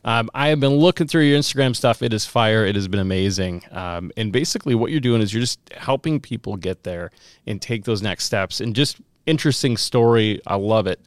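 A man with a low-pitched voice co-hosts a podcast and chats in a casual, upbeat way. His voice is recorded dry and close to the mic. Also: expressive, a little fast, smooth, dry recording. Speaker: podcast co-host.

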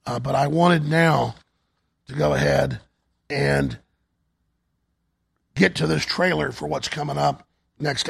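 A hoarse man hosting a talk show, urgently pitching products and asking for donations on air. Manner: urgent, repetitive sales pitch. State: hoarse, voice nearly gone.

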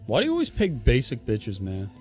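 A man's voice: mid-range voice, wildly swooping pitch, fairly quick, over loud music. A young man co-hosting a podcast, teasing and mocking in crude casual banter. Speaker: podcast co-host.

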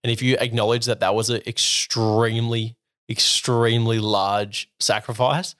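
An earnest young man co-hosting a casual faith podcast, rambling a little as he works through his thoughts, with playful asides. His voice sits at a middle pitch for a man. It is recorded dry and close. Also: little pitch movement, moderate pace, a bit bright, dry recording. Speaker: podcast co-host.

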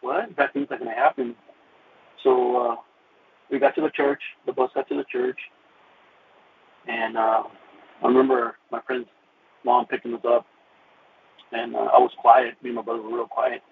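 A man with a gravelly, creaky voice recounts his faith testimony in an earnest, halting way, restarting phrases often. The sound is thin and phone-like, as on a radio call-in line, with a faint hiss underneath. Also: medium pitch, level tone. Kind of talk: personal testimony storytelling. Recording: tinny phone-like radio recording with faint noise.

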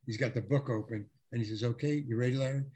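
A man, an actor, telling an animated anecdote in an interview, repeating words and acting out the people he quotes. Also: mid-range voice, quick pace, husky.

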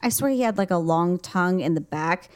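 A woman's voice: lowish voice, expressive, fairly quick. A woman co-hosting a podcast, chatting in a rambling way and saying "like" all the time. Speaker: podcast co-host. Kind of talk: casual chat.

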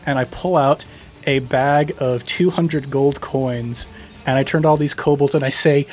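A man's voice: medium pitch, steady tone, a little slow, a little mellow. A man playing a tabletop game, casually describing what his character does. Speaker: player.

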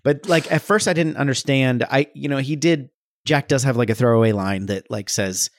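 A man's voice: medium pitch, moderate pace. Wry man podcast co-host. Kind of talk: casual movie-review chat.

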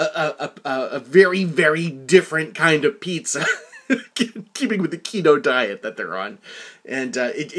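A man's voice: medium pitch, fairly bright tone. A middle-aged man hosting his own podcast, telling a rambling story full of restarts and acted-out quotes. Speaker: podcast host. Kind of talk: casual podcast monologue and phone chat.

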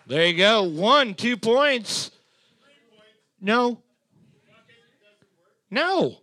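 A man hosting a bar quiz, his voice high and gravelly with a bright edge. He talks slowly, his pitch swinging widely, and he swears freely while tallying points. The sound is dry and close. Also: very animated, no echo. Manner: crude, joking, swears a lot. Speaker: trivia night co-host. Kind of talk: casual banter while scoring a music quiz.

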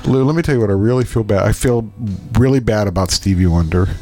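A man's voice: on the low side, quick pace, faint music behind. A man co-hosting a casual podcast, telling funny work stories and acting out the people in them. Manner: animated, jokey, acts out voices. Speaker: podcast co-host; medical scanning technician. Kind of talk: casual storytelling chat.

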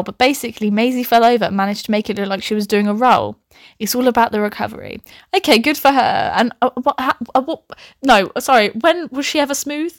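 A woman's voice: on the high side, dry recording, clean studio sound. A young woman reading her own old story aloud, breaking off into laughing, sweary, self-mocking asides. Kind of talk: comic reading with commentary.

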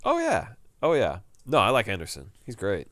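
Low-voiced man recapping a TV episode. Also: brisk, dry recording. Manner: animated, retells scenes with quoted lines. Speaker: podcast co-host. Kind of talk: casual TV recap chat.

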